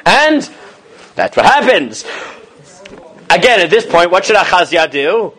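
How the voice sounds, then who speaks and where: A man with a fairly high, bright-sounding voice leads an informal Torah class as a rabbi. He moves between chanting Hebrew verses and loose, animated paraphrase. He keeps checking in with his students as he goes. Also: a little slow. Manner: animated, casual, acts out quoted lines; questions students often, adds "right?".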